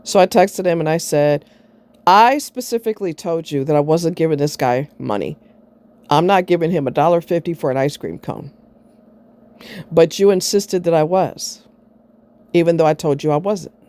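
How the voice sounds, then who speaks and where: A woman's voice: sits low, normal speed, a little mellow. A middle-aged woman vlogging, telling a personal story in a blunt, sarcastic way and swearing freely.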